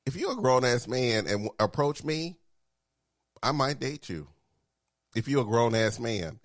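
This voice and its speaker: A chatty man co-hosting a casual podcast, keeping up a steady stream of "mm-hmm"s as he talks. His voice sits at a middling pitch, recorded dry and close on a studio mic in a small home studio. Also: a little slow, dry recording. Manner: constant "mm-hmm" backchannel, chatty. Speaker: podcast co-host. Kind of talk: casual chat. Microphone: studio microphone.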